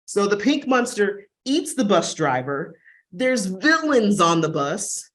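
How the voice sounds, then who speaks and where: A woman's voice: medium pitch, sing-song, a little slow, fairly bright tone. A woman librarian giving a chatty, enthusiastic booktalk on a video call webinar. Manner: enthusiastic, chatty, acts out dog sounds.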